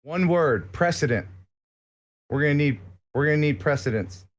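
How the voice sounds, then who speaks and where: A man's voice: a little high, moderate pace. An American man chatting casually as a guest on a live stream, rambling and joking with lots of filler words.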